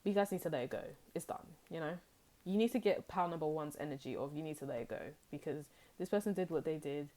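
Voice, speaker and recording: A woman's voice: deep voice, quick pace, mellow. A young woman gives a casual tarot reading. She talks in a chatty, rambling way and acts out people's reactions. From United Kingdom. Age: young adult. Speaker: tarot reader.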